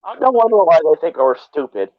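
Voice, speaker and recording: A man's voice: on the high side, big pitch swings, fairly quick, no room sound. A man hosting a live stream, chatting casually in a rambling, profane way with many restarts. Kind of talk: casual chat. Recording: tinny phone-like line.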